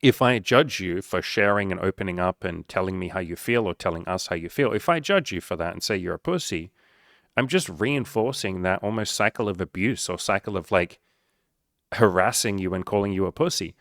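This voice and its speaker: Brief: young male coach, lowish voice, swears freely, earnest and encouraging, dry close sound. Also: a little fast, gravelly, a bit bright, no room sound. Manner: blunt and profane, earnest and encouraging. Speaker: dating and life coach. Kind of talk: casual direct-to-camera talk.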